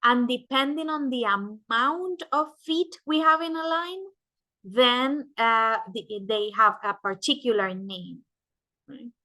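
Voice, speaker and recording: A woman lectures to a class in a bright, forceful voice, pitched a little high. She speaks slowly and explains step by step, checking in with "right?" as she goes. Her first language is Spanish. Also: animated. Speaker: teacher.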